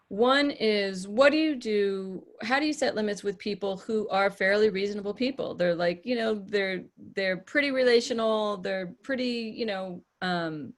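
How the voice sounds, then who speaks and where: A woman who is a podcast host and relationship coach works with a small group, speaking plainly and directly. Her middle-pitched voice is firm and matter-of-fact, and she often acts out short examples as she goes.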